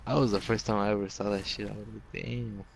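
A man's voice: fairly low pitch, fairly even intonation, fast talker, gravelly, a little hiss or hum, rough recording. A young man telling rambling childhood stories to friends in casual chat, full of swearing and fillers. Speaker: storyteller among friends.

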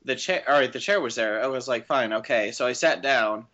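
Bright-voiced man on a lo-fi mic. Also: medium pitch, a little fast. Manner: rambling storyteller, laughs often, crude jokes. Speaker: podcast co-host. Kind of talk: casual podcast chat. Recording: dull lo-fi mic with faint noise.

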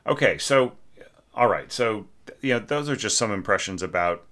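A man teaching orchestration talks through a student's score at normal speed, his fairly low, fairly bright voice animated throughout. Hesitant restarts mark his thinking aloud, and he sings brief nonsense-syllable phrases in this casual critique.

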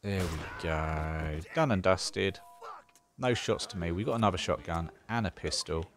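Thinking aloud through a strategy game, a gaming channel host keeps his casual commentary laced with dry sarcasm. His voice is low, unhurried, and a touch bright, with a little hiss or hum in the recording.

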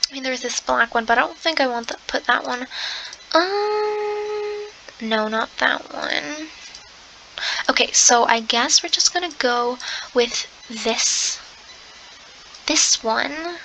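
Excitable high-voiced young woman gamer. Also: unhurried, creaky, a little hiss or hum, poor audio. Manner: excitable, gasping, lots of exclamations; soft half-whispered asides. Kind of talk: casual game commentary.

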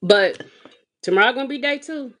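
Sassy exasperated mom telling a funny rant. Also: female voice, moderate pace. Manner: sassy, animated, exasperated with big pitch swings. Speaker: mother of a kindergartner. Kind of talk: comedic storytelling vlog rant. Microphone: phone or webcam vlog.

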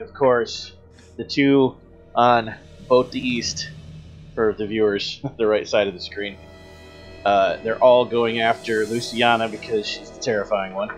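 A man narrating as game master of a tabletop role-playing game, patiently explaining rules and describing combat. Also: medium pitch.

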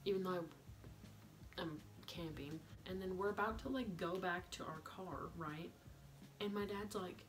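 A young woman vlogger telling a camping story in a chatty, animated way, full of "like" and quoted voices. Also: fairly low pitch, fairly quick. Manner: chatty, animated, heavy use of "like". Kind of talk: story time vlog.

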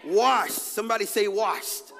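A man, preaching a lively, conversational sermon with call-and-response and a personal story in a large church. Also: sits high, measured pace, vocal fry. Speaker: pastor. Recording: long hall reverb.

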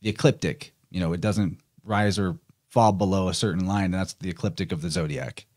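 A man's voice: sits low, steady tone, a little fast, a little mellow, no room sound, studio quality. A man talking as a podcast guest, chatty and musing, laughing easily. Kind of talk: casual conversation.

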